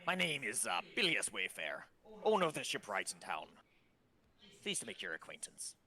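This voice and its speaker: An Australian man doing a burly old shipwright with a peg leg and a hook, all bluster and piratey growls. The voice sits low and swings widely in pitch, with a bright edge to it. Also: sing-song, normal speed, full character voice. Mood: hearty. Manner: piratey "yar", warm bluster.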